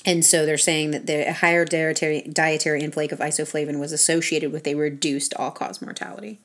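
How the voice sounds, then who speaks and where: Brief: woman, low voice, chatty explainer, restarts a lot, fillers. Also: level tone, brisk. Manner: explains studies in long run-on sentences with fillers and restarts. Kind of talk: casual explanatory chat.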